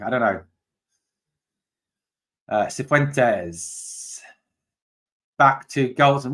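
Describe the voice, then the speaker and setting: A man hosts a live watch-along of a football match, calling each pass and tackle as it happens. He chats casually with viewers about their comments between plays. When his side lets him down, he shouts at them in exasperation. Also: mid-range voice, lively intonation, extremely slow, long pauses. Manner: chatty, reads out and answers viewer comments. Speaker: fan channel host.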